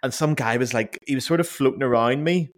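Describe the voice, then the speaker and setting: A man hosting a podcast, an animated storyteller who swears casually. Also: medium pitch, quick pace. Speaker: podcast host. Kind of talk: casual interview chat.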